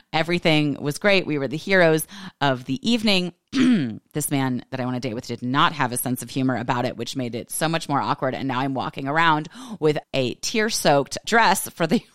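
A low-pitched woman in her forties talks through a personal story in a relaxed, lively monologue. She laughs often and says every line to a close mic in a dry room with no echo. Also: normal speed, clear, resonant tone. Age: 40s. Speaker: podcast host.

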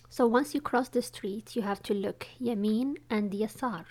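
A woman with an Arabic accent, a native Arabic speaker, calmly teaching words on a casual podcast. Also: fairly high pitch. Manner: calm, patient, spells words slowly. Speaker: regular guest language teacher.

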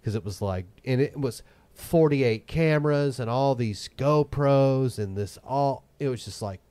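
A man's voice: medium pitch, measured pace, mellow, clear, resonant tone, no room sound. A man in casual podcast chat, blunt, opinionated and sarcastic.

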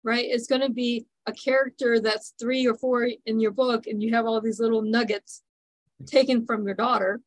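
This is a woman hosting a podcast interview, with a voice a little higher than average. She talks in a chatty way and backs up her guest with quick agreeing replies. The recording is dry and close, with no room sound. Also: steady tone, no echo, rough recording. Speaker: podcast host. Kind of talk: casual interview chat.

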